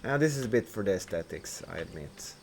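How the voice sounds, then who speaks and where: A man's voice: on the low side, lively intonation, fast, a little hiss or hum. A man streaming a building game, rambling and questioning himself as he thinks aloud. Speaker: gameplay streamer. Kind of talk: casual gameplay commentary.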